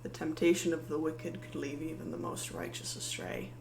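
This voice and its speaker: A game master voicing a towering, cold armored male paladin who speaks quietly with measured menace. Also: medium pitch, very animated, gravelly, echoey room, slight background noise, rough recording. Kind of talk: tabletop role-play voice.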